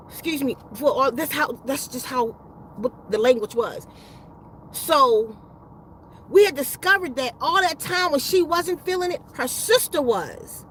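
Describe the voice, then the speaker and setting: A woman's voice: high-pitched, measured pace, a bit bright, slight background noise, low-quality recording. A woman casually telling a rambling personal story, profane and full of slang and restarts. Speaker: spiritual vlogger.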